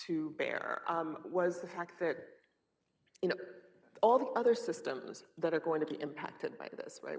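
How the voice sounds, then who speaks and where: Low, gravelly woman on a panel. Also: far from the mic. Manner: speaks with frequent fillers and self-corrections. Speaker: panelist, outreach director. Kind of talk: panel discussion. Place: conference panel room.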